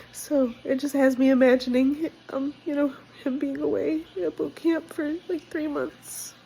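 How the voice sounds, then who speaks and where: A young woman, sick and congested with a cold, vlogs casually about her life in a candid, direct, emotional way. Her high voice has a dark tone, and the recording is low-quality.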